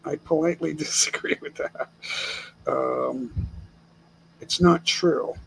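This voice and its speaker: A man's voice: a little high, steady tone, slow pace, gravelly, a bit bright, slight background noise, rough recording. An older man from the United States hosting a casual live stream chat from home, speaking bluntly and with opinions, chuckling often.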